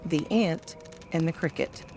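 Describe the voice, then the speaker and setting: An older woman gently reading children's poems aloud at bedtime, soft-spoken and calm. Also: low voice, measured pace, soft background music. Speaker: storyteller.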